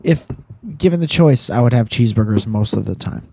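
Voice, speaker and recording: A man's voice: fairly low pitch, lively intonation, a little fast, creaky, warm tone, slight background noise. A young man co-hosting a casual podcast, rambling and joking with crude, profane humor. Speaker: podcast co-host.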